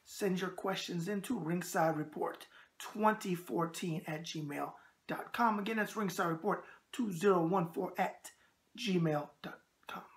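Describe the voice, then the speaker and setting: A man's voice: high-pitched, normal speed. A man with a New York accent hosting a casual boxing video show, chatty and emphatic, full of tough-guy catchphrases. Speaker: host.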